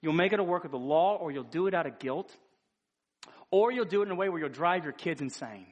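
A man delivers a sermon in a high, light voice. He speaks earnestly and conversationally, often stopping to restart a phrase before pressing his point. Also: animated, brisk. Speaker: preacher.

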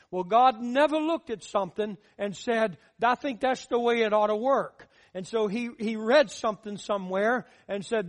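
A man preaching a sermon, building his points through earnest, repeated phrases and rising emphasis. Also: extremely high pitch.

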